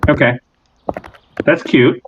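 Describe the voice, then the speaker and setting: A man serving as game master, narrating a tabletop game in an animated, rambling way. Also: mid-range voice, slow pace, lo-fi sound.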